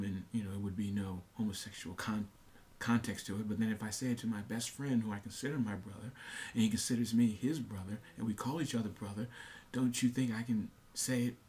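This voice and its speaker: A man's voice: lowish voice, a little mellow. A young man talking earnestly to his camera in a casual monologue, repeating himself with many fillers and restarts. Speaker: vlogger.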